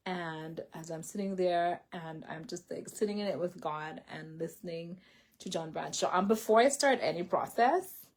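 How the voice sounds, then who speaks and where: A fairly low, darkish female voice at normal speed belongs to a vlogger seated indoors. She shares a personal faith and healing story as casual testimony, rambling to the camera with many fillers and self-corrections.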